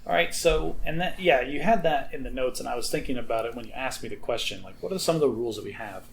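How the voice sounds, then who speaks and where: A man co-hosting a casual podcast, talking fast in a mid-range voice. He keeps the chat light and jokes often. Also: mid-range voice, vocal fry. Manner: quick and joking. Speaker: podcast co-host.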